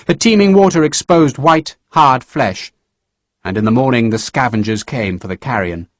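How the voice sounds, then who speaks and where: A man narrating a historical novel audiobook in a measured storytelling manner. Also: medium pitch, lively intonation, no room sound, clean studio sound. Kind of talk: scripted narration.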